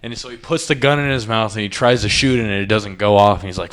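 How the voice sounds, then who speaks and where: A man casually retelling a wild story on a podcast, crude and animated, acting out the people he quotes. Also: mid-range voice, fairly quick. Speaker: podcast host.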